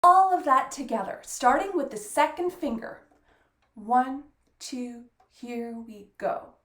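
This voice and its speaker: A woman's voice: high voice, animated, slow, echoey room, over music. A woman teaching a fiddle lesson, patiently counting beats aloud and praising often. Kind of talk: encouraging music lesson.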